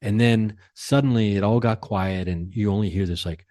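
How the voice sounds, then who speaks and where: Low-voiced man telling an excited story. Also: no echo, clean studio sound. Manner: excitable, animated retelling with quick bursts. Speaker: podcast host and comedian. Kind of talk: casual storytelling.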